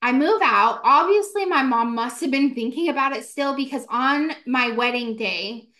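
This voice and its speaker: A young woman in her twenties telling a ghost story in casual podcast chat, animated and full of "like" fillers. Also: sits high. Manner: animated, fast, many "like" fillers, acts out quotes. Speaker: podcast co-host.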